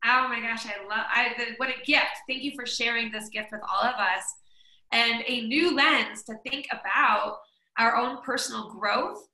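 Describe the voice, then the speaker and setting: High-voiced lady hosting a live stream, really bright and eager, echoey room. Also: moderate pace. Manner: enthusiastic and affirming. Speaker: host.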